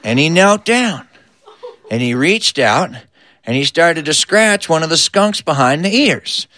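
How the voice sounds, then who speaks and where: A man telling a funny story with a high, lively voice that swoops up and down as he builds each joke. His tone is bright and animated, leaning into the punchlines. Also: measured pace. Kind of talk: told comic story.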